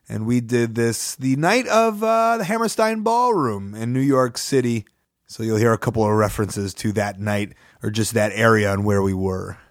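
A man with a lowish, animated voice speaks at a moderate pace, and the clean studio sound has no room echo. Hosting his own podcast from his studio apartment while sick with a cold, he delivers a casual, rambling, chatty monologue with upbeat plugs.

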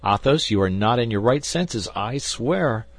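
A man voicing an anxious, hot-tempered young swordsman in an audiobook, with a husky voice and raised, pleading exclamations. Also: on the low side, very animated, unhurried, full character voice. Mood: alarmed. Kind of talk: audiobook character reading.

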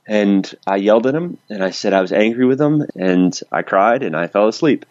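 A man's voice: lowish voice, brisk, few pauses, darkish tone, dry recording, lo-fi sound. A man telling a personal story in a casual conversation, candid and self-deprecating, laughing now and then. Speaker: podcast guest.

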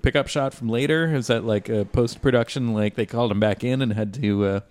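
A man's voice: medium pitch, fairly quick, a little mellow, dry recording. A man co-hosting a podcast, chatting casually and rambling about a film scene with many fillers. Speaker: podcast co-host.

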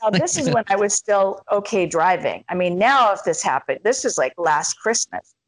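A woman's voice: mid-range voice, moderate pace, no room sound, rough recording. A woman in casual chat, telling stories with lots of swearing and acting out the voices of the people she quotes. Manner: animated storyteller, swears freely, acts out quoted voices. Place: lives in Arizona.

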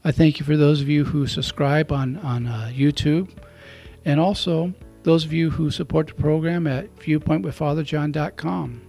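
A man, a priest hosting a radio program, giving a gentle, reflective homily and speaking directly to his listeners. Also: on the high side, steady tone, normal speed, creaky, soft background music. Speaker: priest and radio show host.

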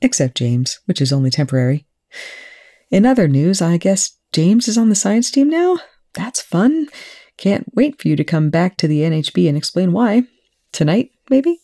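A reader voicing Eli, a nervous, chatty young man who babbles and drops into hurried whispers. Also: mid-range voice, sing-song, mellow, no room sound, studio quality, pitched above the performer's own voice. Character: anxious young male tech whiz, chatty and nervous.

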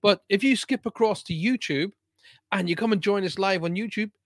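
Male medium hosting a casual live show, chatty and cheerful, slightly high voice, dry close recording. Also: normal speed, no room sound. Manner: chatty and upbeat, greeting viewers by name. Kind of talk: casual live-stream chat.

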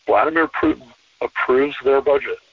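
A man talking as a podcast guest in a relaxed conversational interview, emphatic and repeating phrases to drive points home. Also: mid-range voice, moderate pace, husky, no echo. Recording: distant, tinny phone-line sound.

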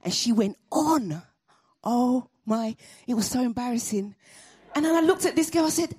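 A woman tells a personal story on stage in an animated, comic way, her voice moving between high and low. Her tone is husky, and the sound is dry and close. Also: normal speed, no room sound. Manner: animated, comic, laughing asides.

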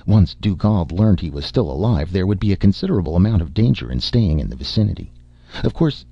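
A man narrates a story in a very low, gravelly voice with a husky, dark tone. His delivery ranges widely in pitch, giving the prose movement. The recording is dry and somewhat dull. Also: dry recording. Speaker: audiobook narrator. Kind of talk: scripted narration.

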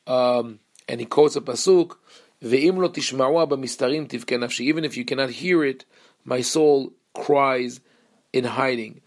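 A man teaching a Torah lesson as a rabbi, earnest and explanatory, pausing and restarting often. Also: medium pitch.

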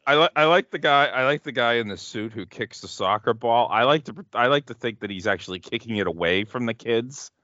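A man's voice: medium pitch, animated, fairly quick, hardly any pauses, bright, forceful tone, dry recording, dull audio. A man co-hosting a podcast in casual chat, joking, laughing often and swearing freely. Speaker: podcast co-host. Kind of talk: casual chat watching old wrestling.

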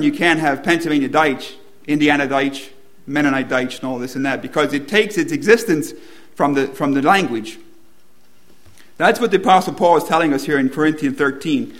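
Man, preacher, slightly high voice, sermon to a congregation, repeats key lines with emphasis. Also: normal speed, fairly bright tone. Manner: asks the congregation questions, builds to emphatic repetition. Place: church room with congregation.

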